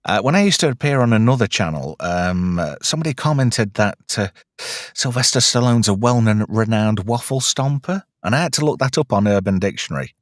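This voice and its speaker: Chatty British man, lively pitch. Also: brisk, dry recording, clean studio sound. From United Kingdom. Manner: rambling, restarts a lot, joking. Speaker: podcast host. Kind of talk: casual film review chat.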